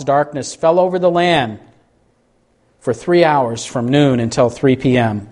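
A man's voice: medium pitch, a little mellow. A man preaching a sermon, speaking earnestly and reading scripture with dramatic emphasis.

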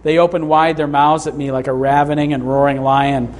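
A middle-aged man preaching a sermon in a church, earnest, slowing down to read scripture and lifting his voice for emphasis. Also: flat delivery, a little mellow. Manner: earnest, rises in pitch for emphasis, reads scripture slowly. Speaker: pastor. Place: church sanctuary.

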